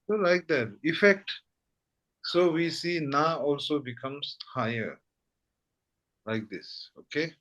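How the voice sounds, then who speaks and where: A man's voice: fairly high pitch, slow, long pauses, fairly bright tone. A man teaching a language lesson patiently, checking understanding with frequent questions. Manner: patient, repeats "okay?" often.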